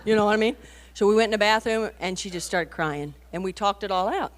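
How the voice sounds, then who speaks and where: A woman's voice: medium pitch, quick pace, slight background noise. A woman in her forties giving a conversational sermon to mothers and teenagers, telling stories with frequent rhetorical asides and emphatic bursts. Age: 40s. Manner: animated storytelling, rising to emphatic bursts. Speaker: women's conference speaker.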